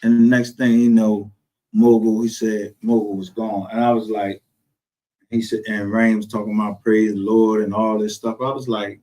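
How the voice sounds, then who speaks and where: A man's voice: fairly low pitch, normal speed, low-quality recording. A man with a Texas accent telling stories in casual chat, full of street slang and profanity, acting out what others said. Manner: animated storytelling, profane street slang, acts out quotes.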